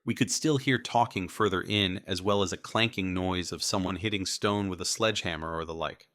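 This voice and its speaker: A man narrating an audiobook in a measured, steady first-person read. His voice is very low yet bright and forceful. The sound is dry and close, from a studio booth. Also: no room sound.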